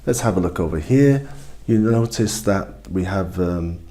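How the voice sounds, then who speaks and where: A man gives a casual how-to demonstration with loose, joking asides. His voice is low, dark and gravelly, and he speaks slowly. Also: expressive. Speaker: tutorial host.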